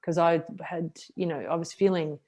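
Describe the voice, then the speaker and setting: A middle-aged woman with a notably low voice talks through a hard stretch of her life on a podcast. She is frank and self-deprecating, acting out the lines she and others said. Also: moderate pace. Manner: frank, self-deprecating, animated retelling with acted quotes. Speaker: podcast guest, martial artist. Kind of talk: candid interview storytelling.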